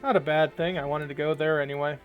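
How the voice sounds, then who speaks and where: A man's voice: a little high, steady tone, fast talker, faint music behind. A man casually commenting while he plays a role-playing game, musing and reading his dialogue choices aloud. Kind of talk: casual let's-play commentary. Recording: noisy hiss behind voice.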